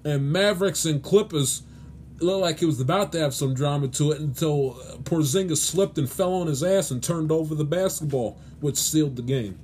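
A man's voice: a little high, moderate pace, darkish tone, slight background noise. A man hosting his own sports show, ranting in a pleading, exasperated way with lots of restarts and stammers. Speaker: sports podcast host. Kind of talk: solo sports commentary rant.

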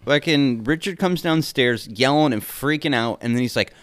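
A man's voice: medium pitch, normal speed, a bit bright, no echo, clean studio sound. A man co-hosting a podcast in casual chat, arguing points and retelling scenes. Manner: argumentative, retells scenes with quoted lines. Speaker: podcast co-host.

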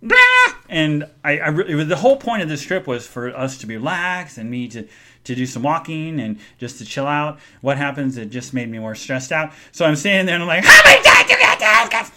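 A man hosting a podcast, telling a story in a casual chat and acting out the people in it with sudden jumps in pitch and loudness. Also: a little fast. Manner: animated, acts out quoted people with big jumps in pitch and loudness. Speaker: podcast host.

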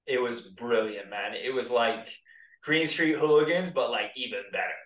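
A man's voice: mid-range voice, normal speed, fairly bright tone. A man in his thirties from the United States, a former pro soccer player, chatting casually as a guest in a laid-back, rambling way. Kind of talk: casual interview chat. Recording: roomy, distant mic.

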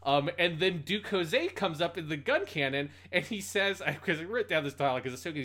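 A man co-hosting a podcast in casual chat, telling stories in an animated, sweary way. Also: high voice, fairly quick, few pauses. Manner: animated, sweary, laughing storytelling. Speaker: podcast co-host.

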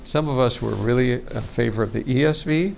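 A man teaching a workshop on storytelling in a relaxed seminar style, talking casually and often restarting his sentences. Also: medium pitch, a little fast, vocal fry, a little hiss or hum. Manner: chatty, frequent restarts and laughs. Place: conference meeting room.

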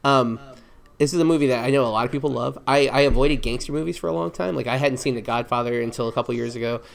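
Fast-talking man, rambling podcast chat. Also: medium pitch, vocal fry. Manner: rambling, many ums and self-corrections. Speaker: podcast co-host. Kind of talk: casual chat.

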